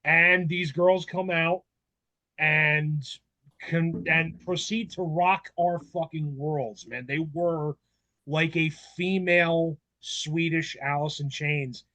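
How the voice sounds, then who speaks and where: A man in his forties on a panel, telling stories in a casual, animated way, acting out voices and swearing freely. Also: a little high, takes it slowly, no echo. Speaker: panel member. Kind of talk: casual storytelling chat.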